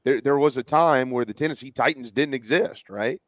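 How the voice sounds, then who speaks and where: A man's voice: medium pitch, normal speed, dry recording. Dry-sounding Southern man hosting sports talk. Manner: chatty, reads news items in a loose way. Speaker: host.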